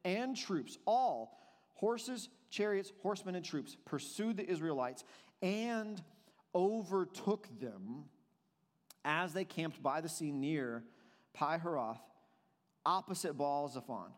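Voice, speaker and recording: High-pitched guy preaching a sermon, swings soft to loud, big hall reverb. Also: slow. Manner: expressive preaching, swings between soft and emphatic. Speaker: pastor.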